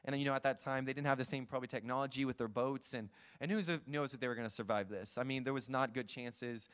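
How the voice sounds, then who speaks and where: A man preaching a sermon, retelling scenes in a lively, chuckling way. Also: mid-range voice, fast talker, clean tone. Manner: lively storytelling, acts out scenes, chuckles often.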